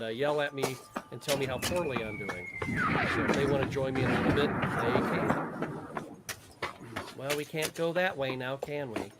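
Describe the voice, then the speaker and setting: A man hosting a livestream and giving casual gameplay commentary, excitable and joking, swearing at the game now and then. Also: fairly high pitch, normal speed, very noisy. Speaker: livestream gamer host.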